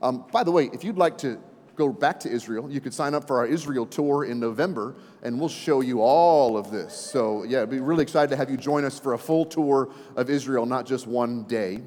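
Storytelling pastor in an echoey hall. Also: male voice, medium pitch, normal speed. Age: 40s. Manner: animated storyteller, folksy asides to the congregation. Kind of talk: sermon with storytelling. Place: church sanctuary. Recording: reverberant church hall.

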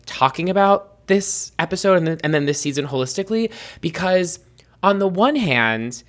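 A man's voice: medium pitch, bright, forceful tone. A man co-hosting a casual chat podcast, rambling with lots of ums and likes. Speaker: podcast co-host.

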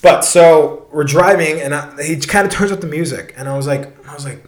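A man's voice: on the high side, a little fast, echoey room. A young man telling a long personal story in a casual, rambling way, swearing often and restarting his sentences.

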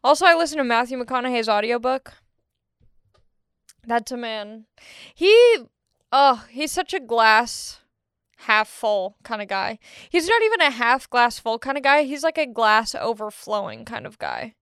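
Rambling young woman, smooth close voice. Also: a little high, very animated, normal speed, fairly bright tone, no room sound. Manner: rambling, self-deprecating, jokey. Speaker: podcast host. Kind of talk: casual monologue.

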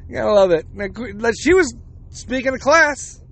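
A man's voice: very high-pitched, lively intonation, normal speed, a bit bright. A man in his forties hosting a podcast, ranting bluntly with plenty of swearing. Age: 40s. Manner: profane, blunt, heated. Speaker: podcast host. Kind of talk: opinionated podcast rant.

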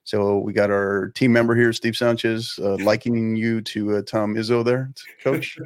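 A man's voice: fairly low pitch, level tone, normal speed, clean tone, no room sound. A man hosting a casual sports interview, conversational, often ending his points with a questioning tag. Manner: conversational, ends points with "right?". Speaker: sports show host.

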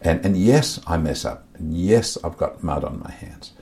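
Deep mellow-voiced man, earnest. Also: lively intonation, moderate pace. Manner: earnest, confessional, repeats words when searching. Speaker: podcast guest. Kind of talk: candid faith talk.

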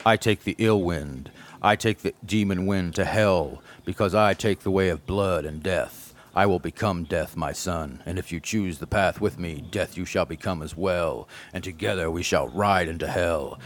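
A man doing a voice for a grim warlord father who speaks in slow, grave pronouncements. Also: sits low, pitched below the performer's own voice, close to an everyday voice. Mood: ominous.

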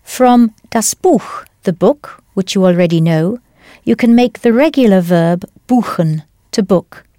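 A woman teaching a language lesson in a clear, patient, encouraging scripted voice. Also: medium pitch, measured pace, dark tone, no echo, clean studio sound.

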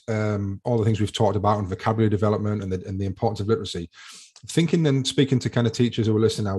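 A man hosts an education podcast, talking quickly with a slightly husky voice. He asks long, looping questions and responds to answers with enthusiasm. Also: lowish voice, mellow. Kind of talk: podcast interview.

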